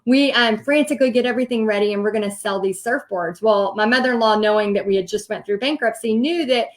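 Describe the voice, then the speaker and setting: Thirties Southern woman host, animated and chatty, somewhat high voice. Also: quick pace. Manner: animated, chatty, many ums and likes. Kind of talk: casual storytelling livestream.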